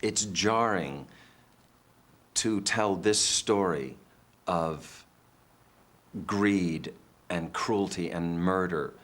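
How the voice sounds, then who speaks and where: Deep-voiced man telling film-set anecdotes. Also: drawn-out words, pauses often. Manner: animated storytelling, acts out quotes. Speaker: actor recalling a film shoot. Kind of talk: anecdotal interview.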